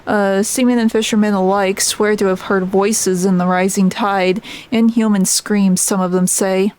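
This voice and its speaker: A woman's voice: mid-range voice, steady tone, darkish tone, lightly acted. A woman reading out the lines of a grim, vengeful old fisherman from a game, plainly and with small stumbles, in her own everyday voice. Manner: reads the lines plainly, halting on some words. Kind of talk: reading game dialogue aloud.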